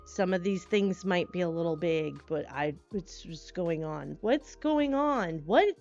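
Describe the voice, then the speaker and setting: A woman streamer chatting casually with her live chat. She is bubbly and scattered, and she greets people with excited squeals. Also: fairly low pitch, measured pace. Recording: dull lo-fi stream audio with faint music.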